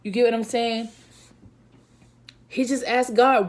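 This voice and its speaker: A woman, a Christian speaker, giving a casual devotional talk in a lively, conversational and slangy way, often checking in with "right?". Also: fairly high pitch, slow, pauses often.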